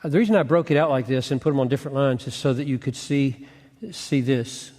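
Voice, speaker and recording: A man with a medium-pitched, slightly mellow voice gives an earnest Bible teaching lecture at a fast pace. He poses rhetorical questions and restarts phrases while thinking aloud, and the recording carries a long hall reverb.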